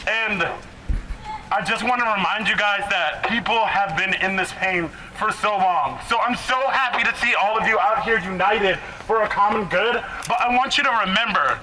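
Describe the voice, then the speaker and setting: Out-of-breath man, high voice, impassioned rally speech outdoors, heavy background noise. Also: normal speed, rough recording. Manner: earnest, repetitive, shouts to the crowd. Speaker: rally speaker.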